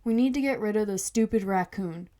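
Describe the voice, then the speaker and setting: A woman's voice: medium pitch, a little fast, dark tone, close to an everyday voice. A woman voicing a secretive, worried father with a hidden past in a storybook podcast, earnest and confessional. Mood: scheming.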